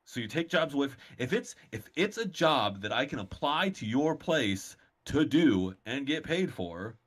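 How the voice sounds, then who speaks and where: A man's voice: mid-range voice, big pitch swings, normal speed, a bit bright. A man co-hosting a casual chat podcast, ranting in an exasperated way. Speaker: podcast co-host.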